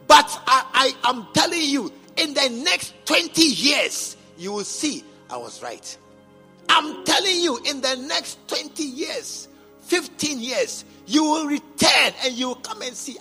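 A high-voiced man with a Ghanaian English accent preaches in a large cathedral, his bright, husky voice leaping up and down in pitch. He repeats lines with mounting force, going from low asides to shouts. Long reverb fills the hall over faint music. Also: big pitch swings, a little slow. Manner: emphatic, repetitive, swings from quiet to shouting. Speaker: bishop preaching. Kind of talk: sermon.

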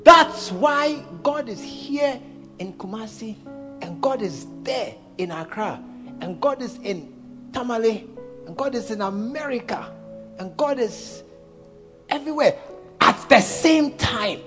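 A man's voice: very high-pitched, animated, unhurried, music in the background. A man preaching a playful, storytelling sermon, laughing as he goes.

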